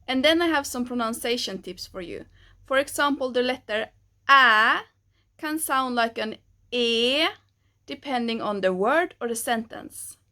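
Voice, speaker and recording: A woman teaching pronunciation, taking it slowly and patiently and modelling each sound for the learner to repeat. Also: a little high, animated, a bit bright. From Sweden. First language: Swedish. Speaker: language teacher. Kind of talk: pronunciation lesson.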